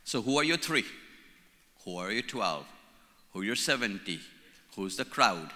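A man in his sixties from India, speaking with an Indian accent, gives a playful talk at a church leadership conference, repeating key words for emphasis. His voice is on the low side and sharp, with big pitch swings at normal speed, echoing in a reverberant, large conference hall.

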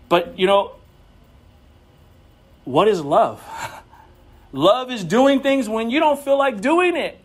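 High-voiced man preaching a conversational sermon. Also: expressive, takes it slowly, long pauses, husky. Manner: conversational storytelling, often repeating words. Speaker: pastor. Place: church.

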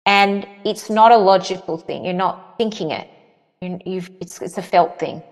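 A woman's voice: on the low side, normal speed. A woman guest answering interview questions earnestly, often repeating phrases for emphasis. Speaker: parenting guest. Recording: long reverberant echo.

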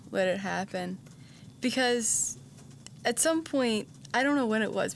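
A woman giving a calm, gentle, reflective interview answer. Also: medium pitch, a little hiss or hum.

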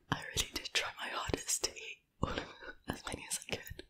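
A woman with an English accent whispering softly and gently in an ASMR mukbang, close to the microphone. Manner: soft and gentle, thankful.

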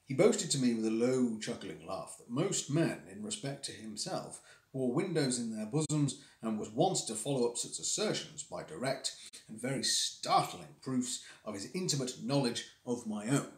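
A man streaming live, reading a classic story aloud with expressive delivery and the odd stumble over hard words. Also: mid-range voice, moderate pace. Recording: roomy echo.

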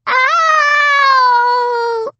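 Sobbing toddler girl in a storybook; very high, wailing. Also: very slow, pushed and bright, no room sound, lo-fi sound, full character voice. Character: frightened crying little girl, three years old.

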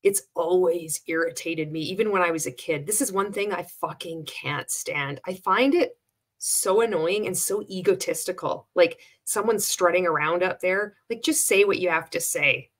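A woman's voice: fairly low pitch, moderate pace, fairly bright tone. A woman delivering sarcastic commentary on a clip she is watching. Her talk is blunt and full of swearing. She breaks into laughter between remarks. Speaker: commentator reacting to a sales pitch. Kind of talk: casual commentary.

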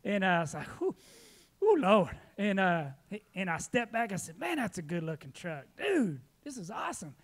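A man preaching in a church, his voice sitting high for a man. He spins folksy stories with a laugh. Then he moves on to plain church announcements. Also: moderate pace. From Texas. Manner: folksy storytelling, animated, laughing often. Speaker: pastor.

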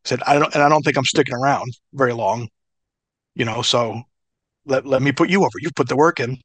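A man's voice: medium pitch, a little fast, breathy edge, no echo. A middle-aged man and former pro wrestler telling stories in a casual interview, swearing freely and laughing as he goes. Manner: profane, animated, laughs through stories.

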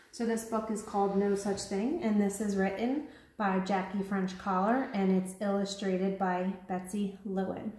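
A woman teacher reading a children's picture book aloud, with animated storytelling. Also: mid-range voice, roomy sound. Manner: animated storytelling, lifting her voice for the children's cries. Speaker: kindergarten teacher.

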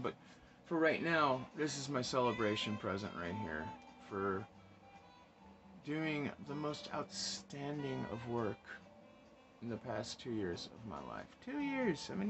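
A man's voice: mid-range voice, rough recording. A man hosting a casual cocktail vlog, chatty and enthusiastic, often laughing and repeating himself. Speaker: cocktail show host. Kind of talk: casual spirits review vlog. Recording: music playing behind.

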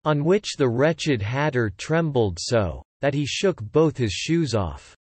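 A man reads a storybook aloud in an expressive way, his pitch rising and falling a lot. His voice sits at mid pitch and sounds dry and close to the mic. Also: slow pace, husky, no echo. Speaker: narrator.

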